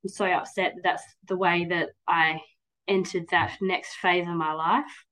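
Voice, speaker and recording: A woman in her 30s with a lowish, level, slightly bright voice talks at a measured pace on a rough recording. Guesting on a podcast for a casual interview chat, she rambles candidly and at length, peppering her speech with "like"s and "um"s.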